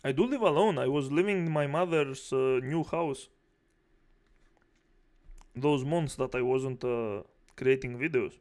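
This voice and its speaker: A man's voice: medium pitch, measured pace, pauses often, a little mellow. A man streaming, reacting to videos and answering chat with angry, profane rants. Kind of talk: live reaction commentary.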